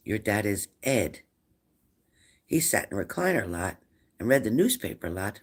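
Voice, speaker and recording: A man's voice: fairly low pitch, very animated, normal speed, vocal fry. A man hosting a live-stream spirit reading as a medium, who asks viewers the same probing questions again and again. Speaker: psychic medium.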